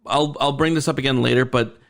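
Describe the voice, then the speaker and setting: A man co-hosting a podcast, teasing his friend and asking slow, probing questions in casual chat. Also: mid-range voice, steady tone, vocal fry, fairly bright tone. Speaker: podcast co-host.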